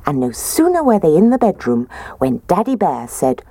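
Woman reading a bedtime story, low voice but swoops around a lot, dry close sound. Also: moderate pace, breathy edge, no room sound. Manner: expressive, gentle.

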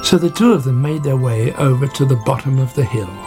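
A man narrating a children's story in a gentle, even reading voice. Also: mid-range voice, brisk. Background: background music.

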